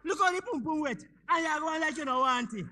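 A man's voice: extremely high pitch, fast, background noise. An actor playing an easygoing older husband with a Jamaican accent, who repeats himself nervously as he tries to keep the peace. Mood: flustered. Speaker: actor in a comedy stage play.

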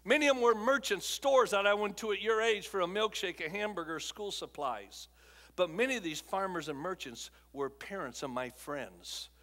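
An older male preacher telling a personal story in a church auditorium, his voice sitting fairly high for a man. He moves from hushed, near-broken lines to sudden loud outbursts. A long hall reverb trails every phrase. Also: lively intonation, moderate pace. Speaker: guest speaker. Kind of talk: emotional testimony sermon.

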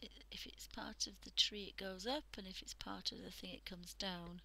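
Woman, from the UK, art stream host, half-whispered chatty demo, gravelly, sharp bright tone. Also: medium pitch, steady tone, moderate pace, rough recording. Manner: soft, often half-whispered while working, chatty with fillers. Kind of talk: casual drawing demonstration.

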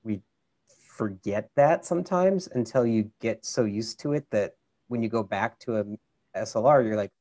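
A man's voice: on the low side, lively intonation, moderate pace, mellow. Chatty Minnesotan man walking through camera menus. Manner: chatty, explains step by step with many fillers. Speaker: camera expert. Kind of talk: casual how-to over a video call. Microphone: video call.

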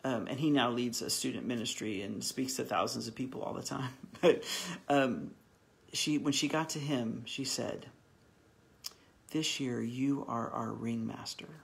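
Man, pastor, gravelly voice, earnest and encouraging, halting delivery, online Bible study teaching. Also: mid-range voice. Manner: halting with frequent restarts.

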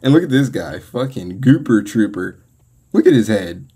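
Excitable husky American man reacting. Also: on the low side, normal speed. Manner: excitable, laughs and exclaims often. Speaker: reaction video host. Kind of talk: casual reaction commentary.

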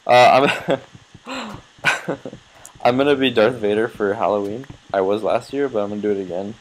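A man's voice: lowish voice, expressive, moderate pace, low-quality recording. An eighteen-year-old man giving casual, rambling gameplay commentary, swearing and yelping when startled.

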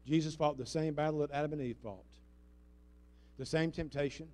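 A male pastor with a fairly high voice, preaching with lively, dramatic swings in loudness. He calls out to the congregation and draws it into call-and-response, moving from booming lines to soft, close asides. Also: moderate pace. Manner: dramatic swings in loudness, shifting between emphatic and hushed. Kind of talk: sermon. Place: church sanctuary before a congregation.

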